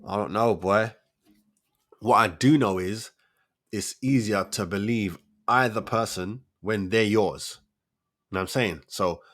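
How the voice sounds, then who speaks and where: A man's voice: low-pitched, a bit bright. A man, hosting a casual solo commentary show, firing off rhetorical questions in street slang. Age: 40s. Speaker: host of a debate show.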